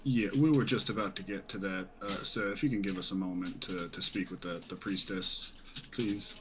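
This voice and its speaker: A man's voice: deep voice, steady tone, moderate pace, fairly bright tone, a little hiss or hum, rough recording. A man playing a tabletop game, speaking in polite, stammering bursts. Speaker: player. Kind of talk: tabletop role-play.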